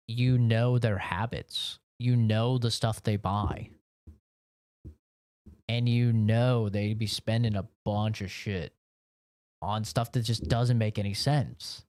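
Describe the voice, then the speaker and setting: A man's voice: fairly low pitch, a little mellow, no echo, clean studio sound. Rambling, profane male streamer ranting. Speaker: game streamer. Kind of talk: casual chat while streaming. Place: home office.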